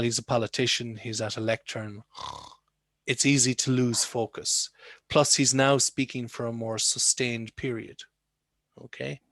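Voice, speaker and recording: A man's voice: mid-range voice, fairly bright tone, no room sound. A man teaching an English listening lesson over a video call, talking conversationally and putting questions to his students. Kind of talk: online lesson.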